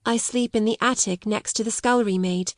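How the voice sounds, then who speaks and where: A woman reading the part of a quiet, sad young orphan girl in an audiobook, steady and unrelenting. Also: medium pitch, fairly quick, no room sound, studio quality, close to an everyday voice.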